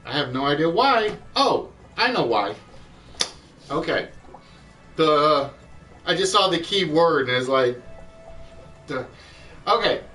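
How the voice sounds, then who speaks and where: Chatty quiz host, slightly higher voice. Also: male voice, sing-song, bright, forceful tone, distant mic, low-quality recording. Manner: chatty, thinks aloud, reads clues slowly. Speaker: game show host. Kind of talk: hosting an online quiz show. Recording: voice a bit off-mic with music behind.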